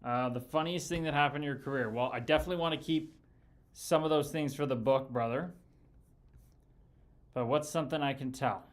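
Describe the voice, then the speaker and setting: A former pro hockey player turned podcast host runs a casual livestream chat with viewers, speaking briskly at a medium pitch with long pauses. His stories about his hockey days are rambling and profane, packed with fillers and restarts.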